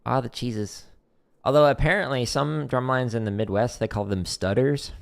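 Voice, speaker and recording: A man casually talking through a drum practice stream, explaining relaxed with a dry, deadpan humor. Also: mid-range voice, moderate pace, vocal fry.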